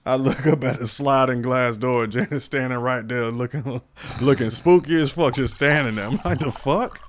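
Male podcast host, mid-pitched, loose profane banter, laughs a lot. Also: normal speed, slight background noise. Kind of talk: casual chat.

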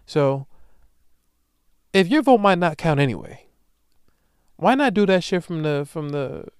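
A man's voice: on the high side, sing-song, unhurried, clear, resonant tone, no room sound, clean studio sound. A young man hosting a solo podcast, talking casually and profanely in slang, rambling through stories and often asking "you know what I'm saying". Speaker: podcast host.

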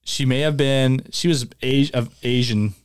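A man's voice: medium pitch, normal speed, smooth, dry recording, clean studio sound. A young man co-hosting a podcast, casually telling jokey stories and quoting the people in them. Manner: storytelling, quotes people, jokey. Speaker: podcast co-host. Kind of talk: casual chat.

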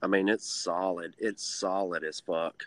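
A man in his forties in casual chat, teasing dryly and halting with fillers. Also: low-pitched, fairly even intonation, no echo. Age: 40s.

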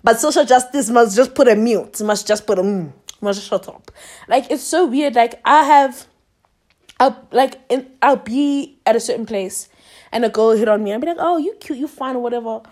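Sassy high-voiced young woman ranting. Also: normal speed. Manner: animated, sassy, laughing, mocking impressions. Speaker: podcast host. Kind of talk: casual monologue.

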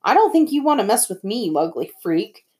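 A woman's voice: mid-range voice, big pitch swings, a little fast, warm tone, close to an everyday voice. A woman reading aloud, voicing a mean, taunting schoolboy bully in an audiobook. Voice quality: sneering, taunting. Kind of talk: audiobook character voice.

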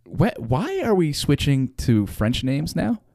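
A young man co-hosting a podcast, telling stories in lively, laughing banter. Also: on the high side, slow, creaky, no echo. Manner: animated, storytelling, laughs often. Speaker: podcast co-host. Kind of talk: casual banter.

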